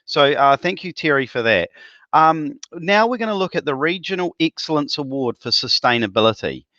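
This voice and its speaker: A man's voice: on the high side, sing-song, moderate pace, bright, forceful tone, dry recording, lo-fi sound. A man hosting an awards ceremony, upbeat and chatty with lots of ums and laughs. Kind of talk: live emcee patter.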